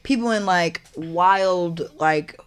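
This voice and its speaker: A woman's voice: on the low side, slow pace, a crowd in the background. A woman in her thirties hosting a casual podcast chat, talking bluntly and swearing freely. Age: 30s.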